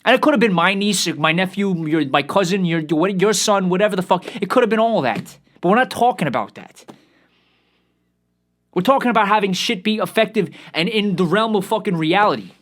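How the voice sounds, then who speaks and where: A man's voice: high-pitched, expressive, brisk, fairly bright tone. A young man hosting a solo podcast, ranting heatedly, swearing constantly and repeating himself as he restarts. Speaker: podcast host. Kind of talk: profane solo rant.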